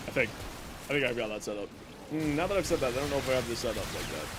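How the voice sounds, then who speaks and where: Lively, rambling gaming streamer man. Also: mid-range voice, racing, heavy background noise. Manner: rambling, self-mocking, talks to chat. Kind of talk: casual gaming livestream chatter.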